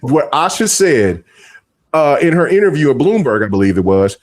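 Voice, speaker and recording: A man's voice: fairly high pitch, big pitch swings, moderate pace. A man hosting a casual gaming podcast, talking in long rambling stretches full of restarts and fillers. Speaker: podcast host.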